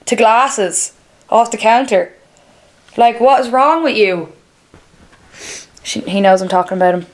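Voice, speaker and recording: A woman in her twenties, vlogging at home in casual, rambling chat with a candid manner and free swearing. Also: mid-range voice.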